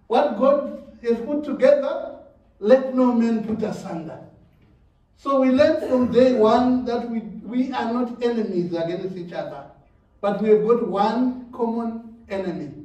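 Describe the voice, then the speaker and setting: A man's voice: very high voice, dark tone. A man preaching a sermon in a church, repeating words and laughing between phrases. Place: church hall. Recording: very echoey church hall, mic at a distance.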